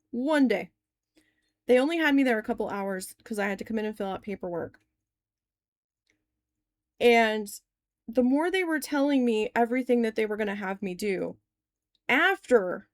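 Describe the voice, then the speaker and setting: A woman's voice: fairly high pitch, no room sound. A woman in her forties, chatty and long-winded, telling a story in a casual crafting vlog and swearing when annoyed. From New Jersey. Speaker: crafting vlogger.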